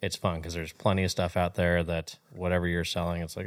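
Deep-voiced man co-hosting a podcast. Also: little pitch movement. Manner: enthusiastic, quick reactions. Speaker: co-host. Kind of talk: casual podcast chat.

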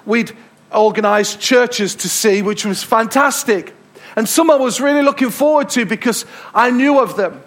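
A man's voice: very high voice, moderate pace. An English man preaching a sermon as pastor, telling a travel story with emphatic repetitions. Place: church hall.

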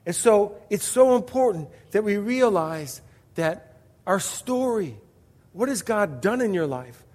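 A male pastor with a high voice preaching with emphasis, leaning on rhetorical questions and personal stories. His voice rings out under a long hall reverb. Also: expressive, a little slow, darkish tone. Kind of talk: sermon.

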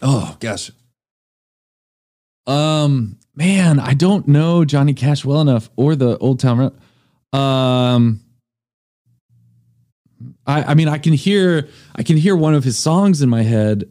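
A man's voice: medium pitch, lively intonation, slow pace, long pauses, mellow. A man chatting as a podcast guest, self-deprecating and hesitant, with many fillers. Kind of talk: casual chat.

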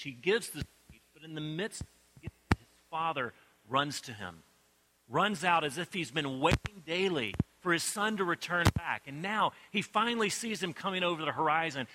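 A male preacher delivers a sermon at an average pitch, retelling the story with feeling. He drops to hushed, low lines and then builds to forceful emphasis. A steady clicking noise sits clearly under the recording. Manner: expressive storytelling, swings between soft and emphatic.

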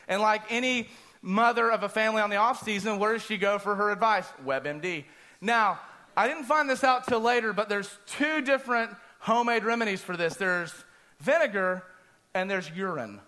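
A man preaching a sermon, telling a personal story in an animated way and acting out his own screams. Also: sits high, moderate pace.

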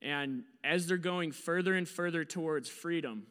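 Animated man preaching in a reverberant hall. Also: fairly high pitch, moderate pace, smooth. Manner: animated storyteller, acts out his own panicked shouts. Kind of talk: storytelling sermon.

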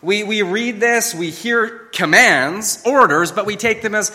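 A man preaching a sermon in a slightly high, bright and forceful voice, pressing his points with rising and falling emphasis. His voice carries a long reverb from a church hall. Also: measured pace, hardly any pauses. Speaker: pastor.

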